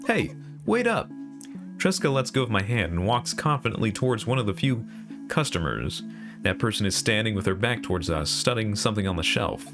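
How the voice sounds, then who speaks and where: A man's voice: on the low side, animated, fairly quick, over music. A man narrating a story game in the first person, with a dry, sarcastic tone.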